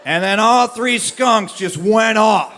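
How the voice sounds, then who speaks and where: A male storyteller telling a funny tall tale to a live audience, animated with comic timing and laughing along. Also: sits high, takes it slowly, some chatter behind, slight background noise. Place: live stage performance.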